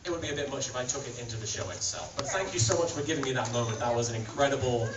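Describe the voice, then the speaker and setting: A man's voice: medium pitch, rapid-fire. A British man from England speaking at a convention panel, self-deprecating and stammering through restarts with frequent laughs. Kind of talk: casual convention panel talk. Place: large convention hall with audience. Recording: roomy, distant, muffled fan recording in loud crowd.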